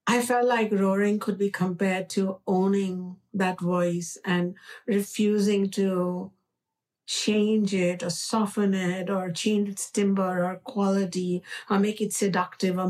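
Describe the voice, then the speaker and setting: A woman with an Indian accent, an author being interviewed, speaking in a slow, reflective and earnest way. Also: medium pitch, darkish tone, distant mic. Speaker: author guest. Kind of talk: conversational interview.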